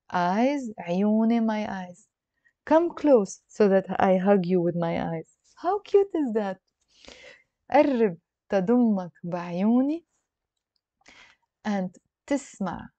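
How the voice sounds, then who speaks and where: Female teacher, patient and repetitive, mellow tone, dry slightly dull recording. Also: mid-range voice, dry recording. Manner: explains slowly, repeats phrases, switches between languages. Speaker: Arabic teacher. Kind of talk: song-based language lesson.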